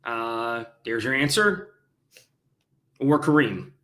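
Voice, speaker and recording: A man's voice: mid-range voice, animated, slow pace, sharp tone. Easygoing man giving betting picks. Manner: easygoing, with frequent filler ums. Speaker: podcast guest. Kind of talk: sports betting analysis.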